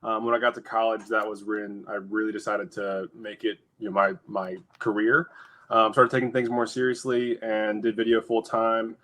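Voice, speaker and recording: Young man, guest colorist, video call, casual chat, low voice, relaxed um-filled talk. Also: normal speed. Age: young adult. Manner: relaxed, many "um"s.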